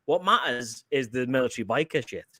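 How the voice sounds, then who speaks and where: A man co-hosting a live stream, talking in a rambling, halting way with many restarts. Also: mid-range voice, lively intonation, bright, forceful tone, no room sound. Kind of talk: casual banter on a live stream.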